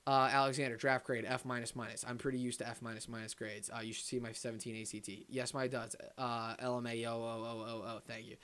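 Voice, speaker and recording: A young man hosts a live sports watch-party stream, reading viewer comments aloud in a low mutter. He keeps erupting into loud, fast rants and then settling back down. His voice sits at an ordinary middle pitch. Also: flat delivery. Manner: ranting, swinging between loud outbursts and muttered asides. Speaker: livestream host.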